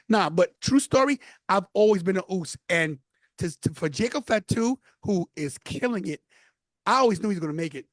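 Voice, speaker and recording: A man from New York, a podcast guest, telling stories in an animated, casual way. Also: high voice, fairly quick, dry recording. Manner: animated storyteller. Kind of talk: casual interview.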